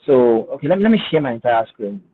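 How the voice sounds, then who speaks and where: Over a video call, a finance guest gives a webinar talk with screen share, at first hesitant and repeating himself, then explaining with emphasis. His medium-pitched voice is very animated and quick, sounding husky through the tinny, phone-like connection.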